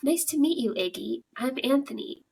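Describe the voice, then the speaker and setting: A woman voicing a friendly middle-aged male neighbor with a put-on Slavic-sounding accent, jovial and halting in his phrasing. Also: sits high, lively intonation, gravelly, darkish tone, breathy edge, voice pushed up, full character voice.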